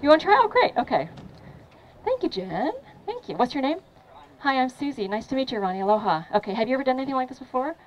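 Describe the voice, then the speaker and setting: A woman fitness trainer running a lively training demo for a crowd at an outdoor event, encouraging and laughing often. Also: high-pitched, fast, dull audio, a little hiss or hum.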